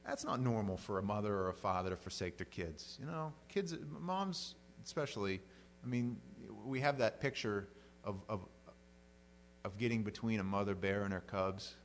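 A man's voice: lowish voice, normal speed, a little hiss or hum. A middle-aged male pastor giving a plain-spoken, conversational sermon and often acting out the voices he quotes.

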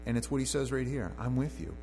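Gravelly-voiced male preacher. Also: medium pitch, expressive, fast, darkish tone, a little hiss or hum. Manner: conversational preaching, reads scripture aloud. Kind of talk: sermon. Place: church.

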